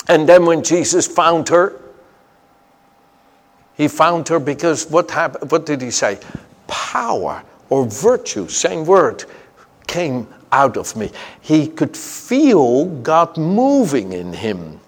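A man delivers an emphatic sermon and tells personal stories along the way. His voice sits a little high with a gravelly rasp. It rings out through the long reverb of a large hall. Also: big pitch swings, slow pace. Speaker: preacher.

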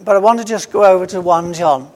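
A man's voice: sits high, fast, a little mellow. A man preaching a sermon, emphatic and repeating his key phrases for weight. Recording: long hall reverb.

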